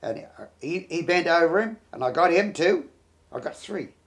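Old kiwi bloke telling war stories, rambly and blunt, fairly high voice. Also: male voice, lively intonation, moderate pace. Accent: New Zealand. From New Zealand. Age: older. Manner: blunt, rambling, peppered with "bloody". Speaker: war veteran. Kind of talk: oral history recollection.

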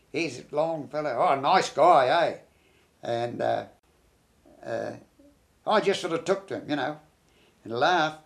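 An older man, a war veteran, reminiscing in an interview in a halting, rambling way, full of restarts and tag phrases. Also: fairly high pitch, vocal fry. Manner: rambling, halting, many restarts and "you know".

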